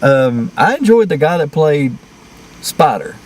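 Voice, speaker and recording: A man's voice: fairly high pitch, big pitch swings, measured pace. A man co-hosting a casual movie review chat, blunt and profane, often restarting his sentences.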